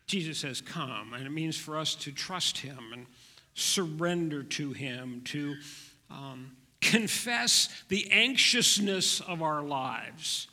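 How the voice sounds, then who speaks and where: Pastor, man, preaching gently; bright tone, unhurried. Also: a little high, expressive, in a large hall. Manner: gentle, slow preaching with soft drops. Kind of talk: sermon.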